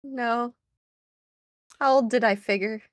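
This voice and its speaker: A woman's voice: fairly high pitch, slow pace, no echo, clean studio sound. A woman playing her character in a tabletop role-play game, chatty and giggly, often trailing off mid-thought.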